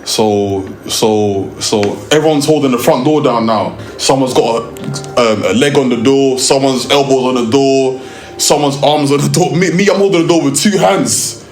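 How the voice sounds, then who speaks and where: A young man with a London accent tells a lively, slang-heavy story from his work filming music videos. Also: medium pitch, normal speed, echoey room. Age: young adult. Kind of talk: storytelling interview.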